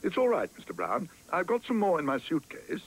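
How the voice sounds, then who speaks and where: A man's voice: fairly high pitch, wildly swooping pitch, brisk, breathy edge, voice pushed up, exaggerated voice, poor audio. A man voicing a small, polite talking bear who speaks earnestly in a storybook cartoon.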